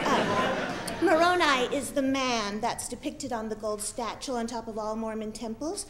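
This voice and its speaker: A woman's voice: fairly high pitch, measured pace, background noise. A woman from Utah reading her own funny stories on a comedy club stage with dry, wry humor. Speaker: storyteller. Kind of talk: live storytelling reading.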